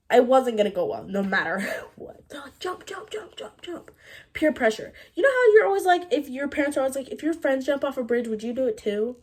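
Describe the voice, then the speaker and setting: A teenage girl telling a storytime vlog, chatty and animated, leaning on "like" and breaking into quick laughs. Her pitch sits in an ordinary middle range for a young woman. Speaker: vlogger.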